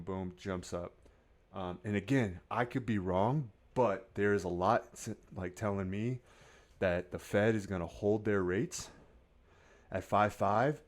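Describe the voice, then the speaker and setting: A man giving casual market commentary as a day trader, mumbling quietly over his charts at times and firing up into a loud, swearing pep talk at others. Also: fairly low pitch, fairly even intonation, a little slow.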